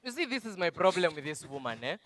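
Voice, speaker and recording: An actor playing an abusive, self-pitying drunk husband, on stage, blustering and defensive, with constant "eh?" interjections. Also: male voice, high voice, sing-song, fast, fairly bright tone, long reverb tail, slight background noise. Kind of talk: stage play monologue. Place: festival stage.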